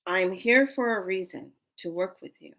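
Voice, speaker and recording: A woman in her fifties voicing a proud female dragon spirit who speaks slowly and calmly. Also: medium pitch, close to an everyday voice. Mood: solemn.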